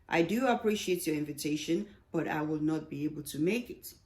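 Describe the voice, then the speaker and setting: A woman's voice: deep voice, a little fast, a little mellow, close to an everyday voice. A woman voicing a busy, irritable male doctor who answers curtly and defensively. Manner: curt, defensive.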